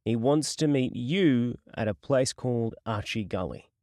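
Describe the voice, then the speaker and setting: A man's voice: medium pitch, animated, measured pace, no echo, studio quality, lightly acted. A man voicing a sadistic male gangster interrogator who taunts and threatens in a mocking, menacing way, from an audiobook. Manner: mocking, menacing, swings to shouting.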